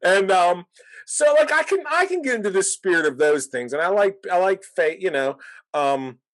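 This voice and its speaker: A man co-hosting a wrestling podcast, talking in a rambling, animated way and laughing often. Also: high-pitched, normal speed, low-quality recording. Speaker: podcast co-host. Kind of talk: casual wrestling podcast chat.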